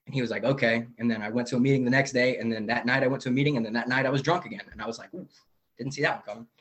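A man's voice: mid-range voice, fairly even intonation, racing, a bit bright. Candid young man sharing his recovery story. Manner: candid, rambling storyteller with many fillers. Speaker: AA meeting member sharing. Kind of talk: personal recovery share. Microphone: video call.

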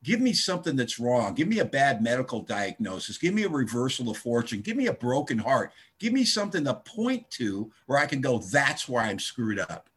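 A man's voice: medium pitch, sing-song, a little fast, few pauses, a little hiss or hum. A middle-aged man speaking at a recovery meeting, telling his story with wry, self-mocking humor.

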